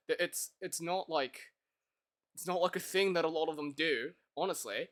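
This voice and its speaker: A man with a bright, fairly high voice chats with his live-stream audience at normal speed while coding. He thinks aloud, laughs easily, and keeps things loose with plenty of self-deprecating jokes.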